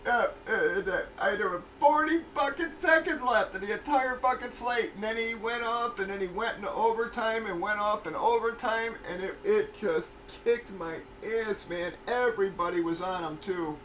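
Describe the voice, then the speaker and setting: A man's voice: high voice, normal speed, few pauses, fairly bright tone, recorded from a distance, rough recording. A man casually chatting on a livestream, rambling, swearing freely and laughing often while telling a story. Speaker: livestream host of card breaks. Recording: voice a bit off-mic with faint noise.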